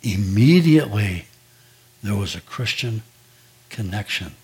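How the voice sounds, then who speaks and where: A man's voice: fairly low pitch, expressive, a little slow. An older man, a pastor, preaching a sermon in a conversational, storytelling way, acting out quoted dialogue.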